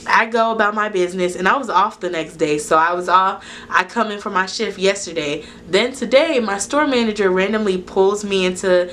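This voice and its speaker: A woman telling a storytime to her camera in a casual, animated, profane way, acting out the people in it. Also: mid-range voice, normal speed, slight background noise. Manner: animated, profane retelling that acts out dialogue. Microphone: camera recording to SD card.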